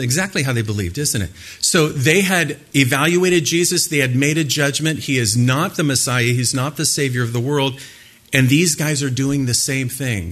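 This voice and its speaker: A man's voice: mid-range voice, fairly bright tone. A man, a pastor, preaching a sermon, asking his listeners questions and stressing points with emphasis. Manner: asks the audience questions, emphatic.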